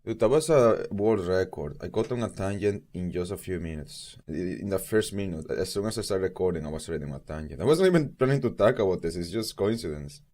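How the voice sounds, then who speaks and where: Rambling man, lively low voice. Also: brisk, hardly any pauses. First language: Spanish. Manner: rambling, goes off on tangents, self-correcting. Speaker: streamer. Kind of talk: casual rambling chat. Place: at home, eating while streaming.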